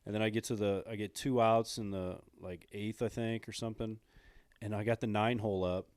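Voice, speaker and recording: A man, a former pro pitcher, speaking in a relaxed, casual way, full of fillers. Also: fairly quick, clean tone, dry recording, clean studio sound. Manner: relaxed, frequent fillers and "you know". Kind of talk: casual interview chat.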